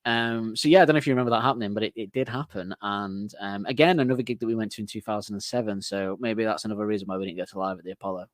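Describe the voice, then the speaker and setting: A man co-hosting a casual music podcast, talking in a rambling, chatty way and breaking into laughter often. His voice sits low, and the sound is dry and close with no room echo. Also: fairly even intonation, rapid-fire, hardly any pauses. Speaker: podcast co-host.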